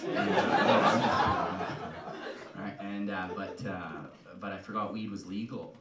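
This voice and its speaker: A man's voice: on the low side, fairly even intonation, slow. A man from Canada doing a profane, rambling stand-up set, tagging his lines with "right?" and "you know?". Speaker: stand-up comedian. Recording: echoey live room, mic heard from a distance, loud noise. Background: loud audience laughter.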